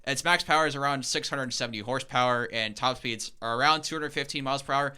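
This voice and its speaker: Bright, crisp young man explaining eagerly. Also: mid-range voice, fast. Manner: eager, rambling explainer with many fillers. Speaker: podcast co-host. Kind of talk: casual explanatory podcast talk.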